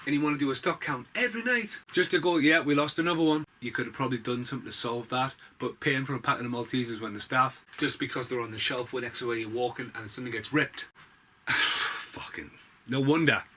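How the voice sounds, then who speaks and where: A man with a bright, forceful voice rants his way through a story, sweary and sarcastic. His talk is loose and unscripted, with lots of asides. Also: medium pitch, quick pace, slight background noise. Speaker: vlogger. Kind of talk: ranting storytelling monologue.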